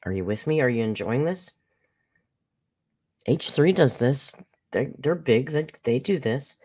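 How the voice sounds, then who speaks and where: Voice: mid-range voice, animated, unhurried, husky. Chatty live streamer talking to chat. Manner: chatty, talks straight to the chat, narrates own actions aloud.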